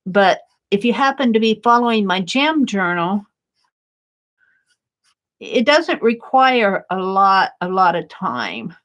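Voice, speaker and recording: Slow-talking woman chatting while painting. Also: medium pitch, very animated. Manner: warm, gushing, laughs often. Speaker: art vlogger.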